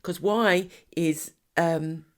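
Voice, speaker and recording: A woman's voice: on the low side, drawn-out words. A middle-aged woman, co-hosting a podcast in casual, teasing chat and laughing often. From England. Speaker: podcast co-host.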